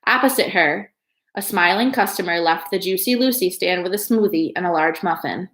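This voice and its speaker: A woman's voice: lowish voice, moderate pace. Woman reading a storybook in an echoey room. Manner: calm, steady storytelling. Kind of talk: reading a children's novel aloud.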